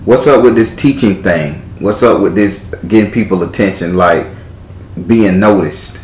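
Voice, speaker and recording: A man's voice: low-pitched, unhurried, darkish tone, roomy sound, slight background noise, low-quality recording. A man doing a live tarot reading in a theatrical, teasing way, swearing freely as he talks to a client. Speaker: tarot reader.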